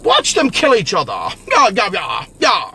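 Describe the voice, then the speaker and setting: A man voicing a smug wealthy older man who sneers at ordinary people in a lordly, drawn-out way. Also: sits high, huge pitch swings, gravelly, pushed and bright, slightly rough, exaggerated voice. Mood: gloating.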